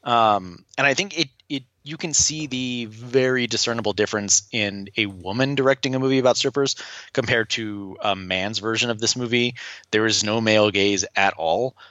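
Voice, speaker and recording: A man's voice: fairly low pitch, normal speed, sharp tone, dry recording, dull audio. A man co-hosting a film podcast, reviewing movies enthusiastically in casual chat. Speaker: podcast co-host.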